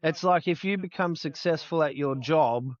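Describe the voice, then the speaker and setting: A man's voice: a little high, moderate pace, lo-fi sound. A middle-aged man telling blunt, sweary work stories in casual podcast chat. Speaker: podcast guest.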